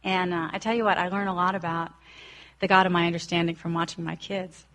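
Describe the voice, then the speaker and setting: A woman's voice: on the low side, flat delivery, quick pace, a bit bright. A woman in her forties telling her personal recovery story in an earnest way, acting out quoted voices as she goes. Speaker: recovery speaker.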